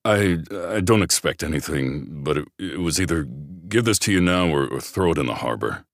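A man's voice: lively intonation, husky, no room sound, clean studio sound, heavily acted. A man voicing a big, scarred male soldier who speaks earnestly and stammers. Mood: flustered. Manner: low, halting, stammering.

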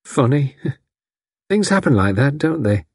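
A man's voice: mid-range voice, very animated, slow, darkish tone, breathy edge, no room sound, studio quality, voice pushed up, exaggerated voice. A man reading aloud, voicing a friendly, rambling housewife who lives in a lonely country house. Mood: chatty. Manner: rambling, homely talk. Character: friendly, chatty country housewife, a little odd.

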